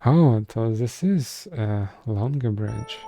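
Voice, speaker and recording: Man, let's play commentator, slow and hesitant, game music behind. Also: fairly low pitch, expressive, warm tone, no echo, studio quality. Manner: thinking aloud, hesitant. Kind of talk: casual gameplay commentary.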